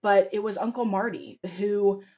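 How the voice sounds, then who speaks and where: Animated woman guest on a dull recording. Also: mid-range voice, moderate pace. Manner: animated storytelling, frequent fillers. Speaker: podcast guest. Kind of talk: casual conversational interview.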